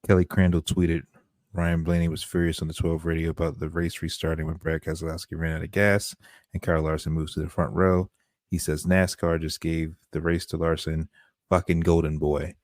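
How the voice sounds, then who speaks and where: A man's voice: deep voice, flat delivery, a little fast, darkish tone, no echo. A man co-hosting a podcast, reading out news with a dry, wry delivery. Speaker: podcast co-host. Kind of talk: casual podcast chat.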